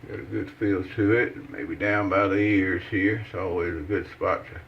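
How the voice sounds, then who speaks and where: A man's voice: low-pitched, steady tone, normal speed, muffled recording, slight background noise. A man hosting a shaving video, chatting casually in a folksy, rambling way with lots of fillers as he shaves at his bathroom sink. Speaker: shaving channel host. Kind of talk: casual how-to chat while shaving.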